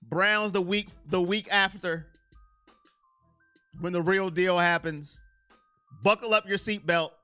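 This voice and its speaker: A man hosting a casual live stream on sports, answering his viewers' chat by name in an animated, self-confessed emotional way. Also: high voice, slow, pauses often, clear, resonant tone, no room sound, soft background music.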